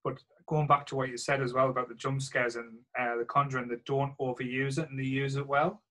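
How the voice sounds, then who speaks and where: Bright-voiced easygoing man. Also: mid-range voice, level tone, fairly quick, poor audio. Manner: easygoing, hesitant, many fillers. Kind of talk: casual film chat.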